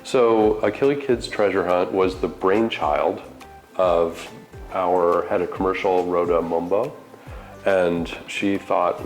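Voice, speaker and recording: A man's voice: deep voice, fairly even intonation, slow, soft background music, poor audio. A man, a TV network chief, talking earnestly and enthusiastically as an interview guest. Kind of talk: casual interview talk.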